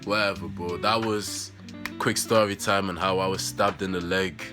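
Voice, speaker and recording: A young man tells a story in a loose, rambling way, leaning on fillers. His voice sits low, and guitar music plays clearly behind him. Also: steady tone, moderate pace. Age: young adult. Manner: rambling, heavy use of "you know" and "bro". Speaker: vlogger. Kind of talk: casual storytelling.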